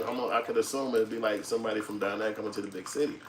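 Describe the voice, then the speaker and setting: With a fairly low, steady voice and a racing delivery, the middle-aged channel host keeps things loose and profane, laughing frequently as he reads chat during a casual live stream. There's slight background noise.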